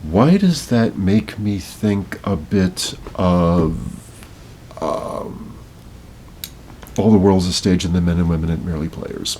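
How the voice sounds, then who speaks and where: Slow, deep-voiced older man reading aloud. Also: a little mellow, a little hiss or hum. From Miami, Florida. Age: 60s. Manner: slow dramatic reading, hesitant afterwards. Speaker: podcast host. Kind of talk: poetry recitation and reflective talk.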